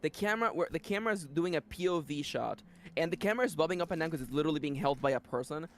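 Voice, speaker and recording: A man narrating a tabletop role-playing game as game master, setting scenes in an animated, playful way. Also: a little high, very fast, slight background noise.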